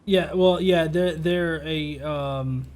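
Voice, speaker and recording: A man's voice: on the high side, slow pace, darkish tone. A man hosting a casual political podcast, talking loosely with lots of filler words. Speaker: podcast host.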